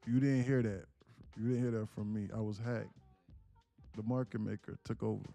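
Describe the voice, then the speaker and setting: A man's voice: lowish voice, flat delivery, moderate pace, creaky, warm tone, no room sound, soft background music. Laid-back joking man on a livestream. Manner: joking, playful, slangy, often puts on a voice. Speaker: livestream trading host. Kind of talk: casual livestream chat.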